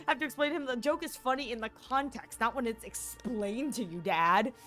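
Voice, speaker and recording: A woman's voice: a little high, fairly bright tone. Giggly, rambling young-sounding streamer woman. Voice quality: rambling and giggly, with lots of fillers. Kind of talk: casual chat while gaming.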